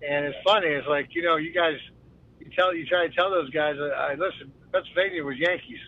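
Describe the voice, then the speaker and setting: A man's voice: fairly high pitch, brisk, phone-quality sound. A man calling in to a talk show who chats in a laid-back, friendly way with frequent fillers. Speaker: call-in guest. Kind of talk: casual phone-in chat.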